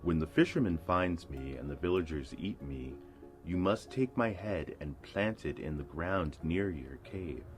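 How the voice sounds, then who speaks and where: A man voicing a gentle, weary old male eel who was once a king, speaking slowly and softly. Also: low voice, expressive. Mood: tender. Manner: slow, soft and kindly. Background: music.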